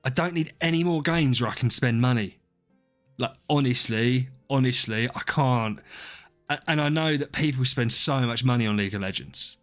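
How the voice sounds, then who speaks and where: During a live stream, a man chats casually with his viewers, rambling, joking about himself and addressing people in chat by name. His mid-range voice is fairly bright and moves at a moderate pace. Faint music plays behind him.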